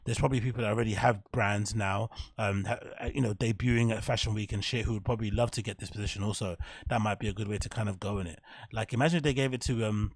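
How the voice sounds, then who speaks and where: A man's voice: on the low side, fairly even intonation, fast, dry recording. Rambling, swearing man, dry sound. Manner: swears freely, thinks out loud, trails off. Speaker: fashion podcast host. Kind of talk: casual rambling monologue.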